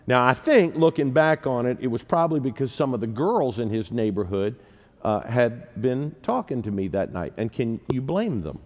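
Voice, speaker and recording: A man's voice: medium pitch, animated, normal speed, darkish tone. Man in his sixties preaching in a reverberant hall. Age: 60s. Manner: humorous, self-deprecating storyteller. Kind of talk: sermon with personal storytelling. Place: church sanctuary. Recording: long reverb of a large hall.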